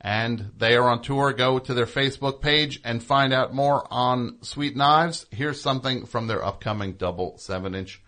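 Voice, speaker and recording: A man's voice: mid-range voice, moderate pace, few pauses, bright, forceful tone. A man hosting a comedy talk radio show, chatting casually with wry, dry asides. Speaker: radio host.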